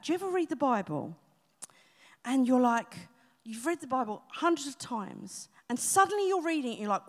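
A woman pastor delivers a live sermon in a high, bright register, pressing her points and tossing in wry asides. Her voice rings out through a church auditorium with a long reverb tail. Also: big pitch swings, moderate pace. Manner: emphatic preaching with humorous asides.

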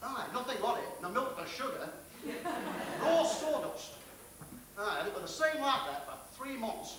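Blunt boss. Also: male voice, very high-pitched, animated, unhurried, noisy background, full character voice. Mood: hearty. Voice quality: blunt, folksy. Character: blunt hearty male factory boss, storyteller. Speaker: factory owner giving advice. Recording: roomy film sound from a distant mic.

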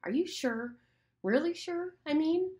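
A woman's voice: medium pitch, big pitch swings, normal speed, roomy sound, pitched above the performer's own voice, close to an everyday voice. A woman voicing a timid, fretful schoolboy who asks worried, pleading questions in an audiobook reading. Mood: anxious.

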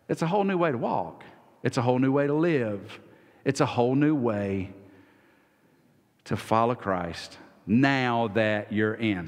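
A man preaching a sermon as pastor, folksy, acting out quoted voices and swinging from loud to soft. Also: medium pitch. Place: church sanctuary. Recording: long hall reverb.

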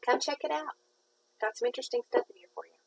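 Chatty woman with a gravelly voice. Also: sits high, quick pace, low-quality recording. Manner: rambling, chatty, folksy. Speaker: craft vlogger. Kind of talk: casual chat while crafting.

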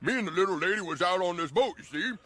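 A man's voice: sits high, lively intonation, fast, bright, forceful tone, no room sound, full character voice. A man voicing a folksy old man in a cartoon, spinning a dramatic tall tale. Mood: yarn-spinning. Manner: drawling storyteller, dramatic.

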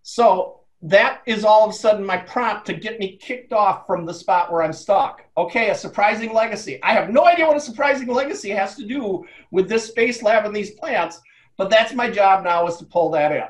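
A man's voice: sits high, expressive, normal speed, rough recording. Chatty man dictating a story live. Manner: chatty, speaks punctuation aloud. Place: live audience space.

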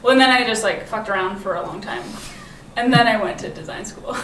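A woman's voice: mid-range voice, a little fast, a crowd in the background. A woman guest chatting casually in an interview, laughing often and filling her talk with "like". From grew up mostly in the United States. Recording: echoey room, mic from far off.

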